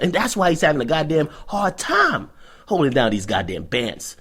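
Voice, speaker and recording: A young man delivers a profane, sarcastic rant for his commentary vlog. His pitch sits a bit high for a man and swings widely from line to line. His voice has a husky, slightly breathy grain. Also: moderate pace. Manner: profane, sarcastic, animated storytelling. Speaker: vlog host and hip-hop commentator. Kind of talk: ranting news commentary vlog.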